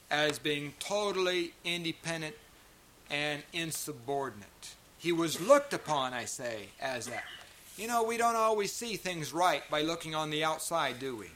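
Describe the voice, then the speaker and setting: A man preaches to a gathered congregation in a bright, forceful voice pitched a little high. He drives his points home with emphasis and keeps turning to the listeners with rhetorical questions. A faint hiss sits under the recording. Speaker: pastor. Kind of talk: sermon. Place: church meeting.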